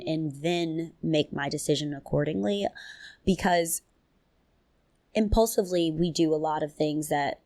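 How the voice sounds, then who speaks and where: A woman hosting a solo podcast in a casual, chatty way, with lively jumps in pitch, frequent laughs and loose slang. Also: no room sound. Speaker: podcast host.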